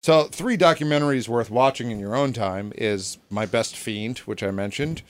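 A man's voice: medium pitch, normal speed. A man hosting a casual podcast chat, rambling and hesitant with lots of ums. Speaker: podcast host.

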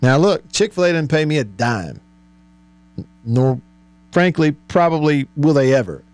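Chatty radio host, lively voice. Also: male voice, fairly high pitch, unhurried, no echo, faint music behind. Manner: chatty, jokey, laughs often. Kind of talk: casual on-air banter.

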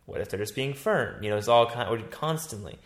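A man hosting a casual talk, telling stories in an animated, rambling way and acting out his own thoughts. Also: mid-range voice, a little fast. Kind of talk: casual chat. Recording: roomy echo.

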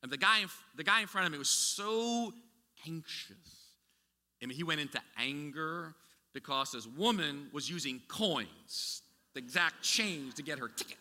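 A man's voice: on the high side, lively intonation, normal speed, bright, forceful tone. A man preaching a sermon as pastor, talking in a conversational way with many restarts and asides. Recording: echoey hall with long reverb.

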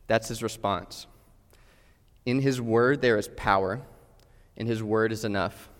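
Earnest male preacher in reverberant hall. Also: mid-range voice. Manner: earnest, direct questions to listeners. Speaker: pastor. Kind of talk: sermon.

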